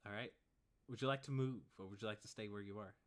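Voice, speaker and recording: A man's voice: fairly low pitch, quick pace, fairly bright tone. A man narrating as game master of a tabletop game, laid-back and full of fillers.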